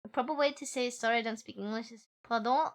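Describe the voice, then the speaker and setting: A woman's voice: a little high, quick pace. A woman streaming a game, reading the story text aloud and joking playfully with chat, often giggling.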